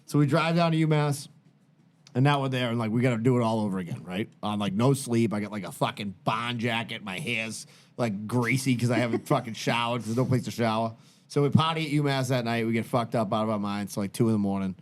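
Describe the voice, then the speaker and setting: A middle-aged man telling a long, profane, rambling story in casual podcast chat, animated and full of tangents. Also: medium pitch, fast talker. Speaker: podcast host.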